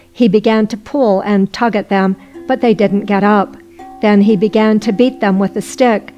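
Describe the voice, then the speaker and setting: A woman narrating a folk tale audiobook in a steady storytelling voice. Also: mid-range voice.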